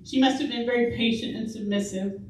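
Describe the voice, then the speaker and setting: A woman's voice: fairly high pitch, steady tone, a little fast, darkish tone, a little hiss or hum. A middle-aged woman giving a chatty storytelling sermon at church, laughing often as she talks. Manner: chatty, laughs often while telling stories. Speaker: speaker at a church service. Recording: echoey church hall from a distant mic.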